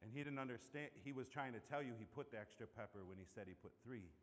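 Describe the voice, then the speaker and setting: A man preaching a sermon as pastor, telling stories with loud bursts and hushed asides. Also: mid-range voice, fast talker, in a large hall.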